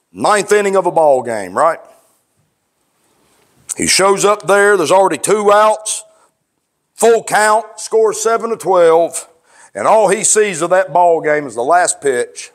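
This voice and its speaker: A male pastor preaching a plainspoken, fervent sermon, swinging from low talk to raised shouts. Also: expressive, takes it slowly, pauses often. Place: church.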